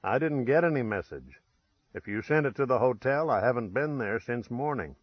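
A man doing a soft-drawling young prospector. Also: mid-range voice, no echo, dull audio, close to an everyday voice. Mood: easygoing. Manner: relaxed, unhurried, faintly ironic.

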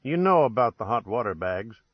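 A man voicing an easygoing young prospector who speaks in a soft, unhurried drawl, a little ironic. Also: mid-range voice, husky, dry recording, highs cut off. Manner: relaxed, unhurried, faintly ironic.

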